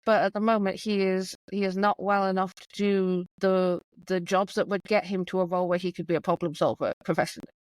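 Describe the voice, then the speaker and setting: A woman guest, a self-employed coach, talking in an animated way in a conversational interview, with quick bursts of speech. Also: medium pitch, no echo.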